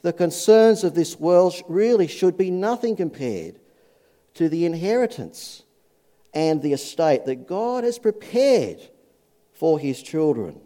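A man preaching a sermon, telling anecdotes with lively punchlines and dropping low and soft for scripture. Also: measured pace.

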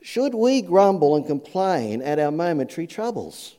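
A man preaching a sermon, telling anecdotes with lively punchlines and dropping low and soft for scripture. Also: moderate pace.

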